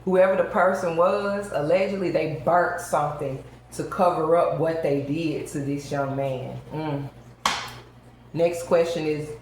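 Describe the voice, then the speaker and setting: Low-voiced woman in a very echoey room. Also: steady tone, unhurried, darkish tone, slight background noise. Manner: emphatic, addresses viewers directly. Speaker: tarot reader. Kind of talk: tarot reading for viewers.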